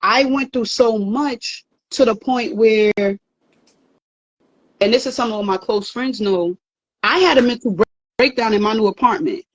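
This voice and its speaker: Woman, higher voice, emphatic and repetitive, dry dull recording. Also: measured pace, no echo. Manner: earnest, emphatic, repeats words and restarts. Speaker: therapist host. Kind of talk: casual advice talk.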